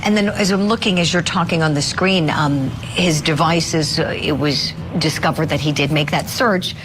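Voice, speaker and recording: A woman with a very low voice moderates a panel discussion. She thanks her guests warmly by name and poses follow-up questions. A faint hiss sits behind her. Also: moderate pace. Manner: appreciative, question-asking.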